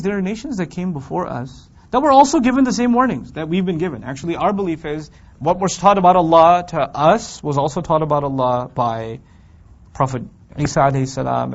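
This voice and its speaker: Lively man teaching a scripture class. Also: on the high side, creaky. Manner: lively and conversational, poses rhetorical questions to the class; acts out complaining voices. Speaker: Quran teacher. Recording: dull lo-fi recording.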